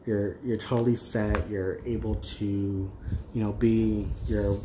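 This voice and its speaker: A man's voice: fairly low pitch, little pitch movement, slow. A man hosting a crafting channel, chatting casually and candidly while he works, with many ums and restarts. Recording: roomy echo, faint background noise.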